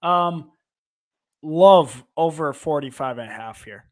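A man's voice: on the high side, slow pace. A man co-hosting a podcast, chatting casually and playfully about football bets and teasing his friend. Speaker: podcast co-host. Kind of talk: casual sports betting chat.

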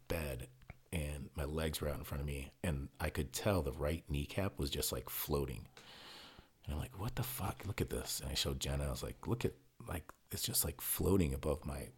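Deep gravelly man telling a story. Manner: animated retelling, acting out quotes, swearing freely. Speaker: podcast co-host telling a story. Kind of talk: casual storytelling chat.

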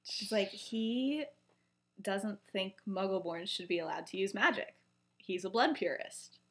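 A young woman on a podcast, chatting her way through a story. She speaks at an average pitch and keeps slipping into quoted lines with "he's like" and "she's like," casual and loose. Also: unhurried. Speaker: podcast co-host.

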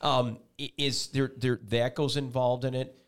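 A man's voice: medium pitch, flat delivery, unhurried, smooth. A man hosting a casual interview show, enthusiastic and rambling, often restarting his questions. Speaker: talk show host.

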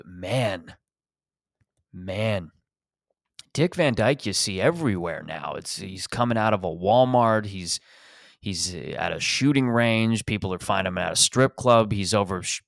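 Man, podcast host, casual profane rant, sarcastic, lower pitch. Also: measured pace, vocal fry, no echo, studio quality. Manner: rambling, profane, sarcastic riffing. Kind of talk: casual comedic monologue.

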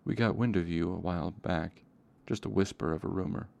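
A man voicing a nervous, eager male scribe in an audiobook reading, hurried and pleading. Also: sits low, gravelly, a little mellow. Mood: uneasy.

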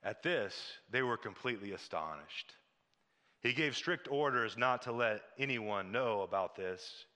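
A man's voice: fairly low pitch, lively intonation, a little slow, sharp tone, big-room sound. A man preaching a sermon as pastor, repeating short declarations and building to fervent exhortation.

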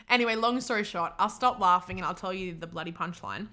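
A woman's voice: medium pitch, fairly even intonation, brisk, hardly any pauses, sharp tone. A young woman, hosting a podcast and telling stories in a rambling, giggly way full of "like". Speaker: podcast host. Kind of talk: casual storytelling monologue.

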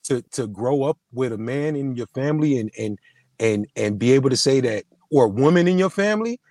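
A man, a podcast guest, telling an emotional personal story in casual conversation, halting and full of slang and restarts. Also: medium pitch, animated, warm tone, no echo. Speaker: podcast guest, film producer and screenwriter.

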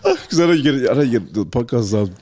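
A male podcast host talks quickly in a somewhat husky voice. He wraps up the conversation casually and thanks his guest, dropping "mate" and "bro" as he goes. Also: medium pitch, big pitch swings, darkish tone. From New Zealand. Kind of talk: casual interview wrap-up.

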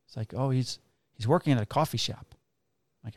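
A man's voice: medium pitch, moderate pace, no echo. A man, a police officer casually telling profane stories and acting out the dialogue. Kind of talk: casual storytelling chat.

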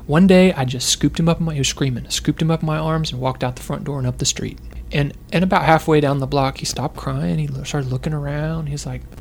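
Animated dad telling a parenting story. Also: male voice, fairly high pitch, fast, vocal fry, slight background noise. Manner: animated storyteller, acts out quotes, laughs often. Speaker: parent sharing advice. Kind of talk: casual conversation. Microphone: close to the microphone.

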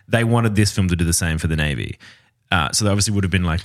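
A man co-hosting a film podcast in casual chat, playful and quick with jokes. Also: low-pitched. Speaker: podcast co-host.

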